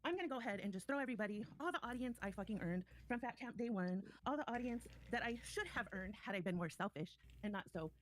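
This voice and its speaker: Woman, fast talk, higher pitch, defensive explaining on a stream. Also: expressive, slight background noise. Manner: defensive, self-justifying. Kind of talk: casual livestream talk.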